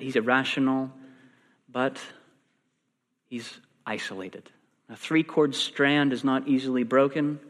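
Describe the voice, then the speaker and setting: A man preaching a sermon, animated and acting out the quoted lines. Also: mid-range voice. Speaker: pastor. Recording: long reverb in a large hall.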